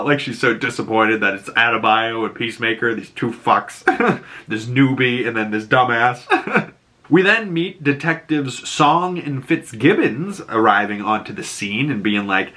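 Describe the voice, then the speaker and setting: A man with a Boston accent hosts a casual TV recap, his voice bright and forceful. He laughs often and slips into high put-on voices to act out lines. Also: expressive, measured pace. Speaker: YouTube show host.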